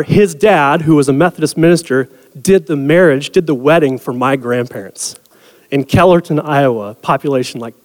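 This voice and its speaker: A man preaching a sermon as pastor in a conversational way, asking the congregation for a show of hands. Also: fairly high pitch. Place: church sanctuary. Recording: long reverb of a large hall.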